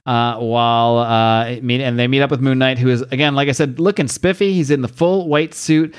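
A man's voice: mid-range voice, fairly even intonation, brisk, clear, resonant tone. A man co-hosting a podcast, recapping a comic in a casual, chatty way with long runs and fillers. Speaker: podcast co-host.

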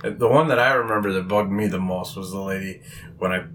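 A man's voice: low voice, fairly quick, fairly bright tone, a little hiss or hum. A young man casually and animatedly telling work stories in a podcast interview, often laughing.

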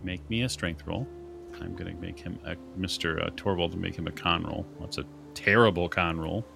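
A man running a tabletop horror game as game master, narrating events calmly and calling for dice rolls. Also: low voice, moderate pace, vocal fry, background noise.

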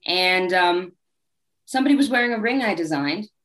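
A woman's voice: fairly low pitch, moderate pace. A woman guest author telling candid, wry anecdotes in a casual interview. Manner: acts out quoted people in lively voices.

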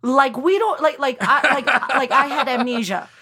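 A woman from Texas, a comedian telling a story in casual podcast chat, animated and full of fillers, acting out quotes. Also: sits high, normal speed, breathy edge. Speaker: comedian guest.

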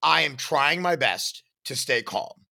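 A podcast host narrates something that happened to him, slow and creaky at a medium pitch, yet animated as he acts out shouts and sound effects himself.

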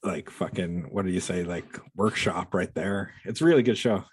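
A man's voice: sits low, normal speed, breathy edge, no echo, rough recording. A man co-hosting a casual film chat, joking and blunt, swearing freely. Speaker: co-host.

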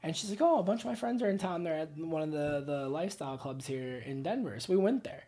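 A woman telling profane, rambling stories as a podcast guest, with quick asides. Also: low voice, lively intonation, dark tone, slightly rough. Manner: storytelling, profane, laughing asides. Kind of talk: casual podcast chat.

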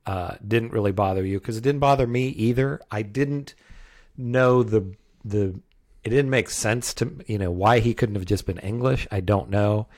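A man with a fairly low voice chats through a movie review, circling his points and restarting sentences as he goes. He sounds relaxed and conversational, like a podcast co-host thinking aloud. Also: normal speed. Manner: rambling, many restarts and hedges. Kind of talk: casual film review chat.

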